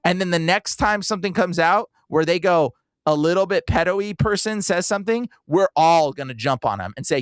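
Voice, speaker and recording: A man with a high, lively voice hosts a casual podcast chat, swinging his pitch up and down as he acts out the people he talks about. The sound is dry and close. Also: a little fast, no echo. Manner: animated, impersonates people he talks to. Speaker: podcast host.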